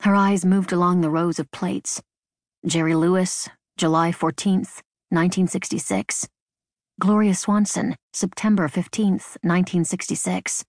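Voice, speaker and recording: A woman reading an unabridged novel in measured, even scripted narration. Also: lowish voice, no room sound. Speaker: audiobook narrator. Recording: dry studio booth.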